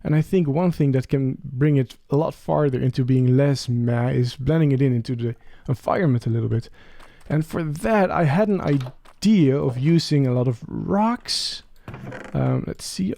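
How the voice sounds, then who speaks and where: Chatty young man with a gravelly voice. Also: mid-range voice, a little slow, a little hiss or hum. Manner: chatty, talks to game creatures, excited rising questions. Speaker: Let's Play creator. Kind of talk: casual gameplay commentary.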